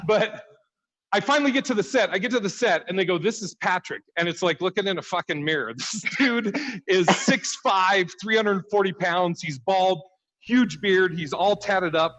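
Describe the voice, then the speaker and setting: A man's voice: high-pitched, moderate pace, fairly bright tone, poor audio. A man doing a stand-up comedy set over a video call, telling a story, swearing freely and laughing at his own punchlines.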